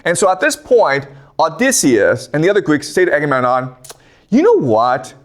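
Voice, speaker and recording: A man's voice: a little high, sing-song, a little fast, a bit bright. A man lecturing in a casual storytelling style, often checking in with "okay?". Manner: conversational, tags lines with "okay?".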